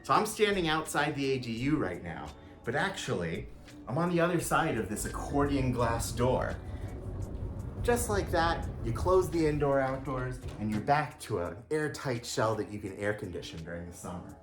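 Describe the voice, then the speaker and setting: A man's voice: mid-range voice, sing-song, moderate pace, music in the background. Upbeat chatty man touring a home. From Louisiana. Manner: upbeat, jokey, chatty with small restarts. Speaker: vlogger touring a backyard unit. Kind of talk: casual walkthrough tour. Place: small unit indoors and out, backyard.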